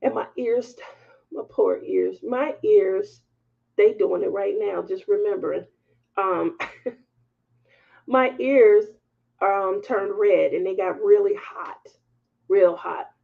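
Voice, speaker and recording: Slow, gravelly-voiced woman chatting to viewers. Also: medium pitch, narrow, tinny audio. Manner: animated, candid, laughs as she tells it. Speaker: craft livestream host. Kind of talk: casual storytelling chat to viewers.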